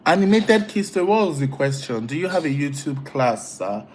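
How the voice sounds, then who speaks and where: A man's voice: a little high, very animated, moderate pace, a little hiss or hum, low-quality recording. A man hosting a casual live stream, chatting with viewers, teasing them and laughing often. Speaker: livestream host reading chat.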